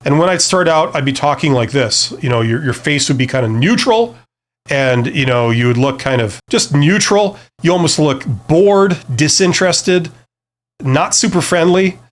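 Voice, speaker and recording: Giving career advice straight to camera, an adult man beyond his early twenties rambles, pokes fun at himself, and keeps restarting amid plenty of fillers. His voice sits on the high side, animated, at a normal speed.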